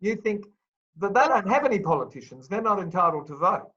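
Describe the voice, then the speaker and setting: A man hosts a casual chat, reading listener letters aloud and tossing in playful asides. His voice sits a little high. The sound is muffled and lo-fi, like a home setup. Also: very animated, a little fast, a bit bright.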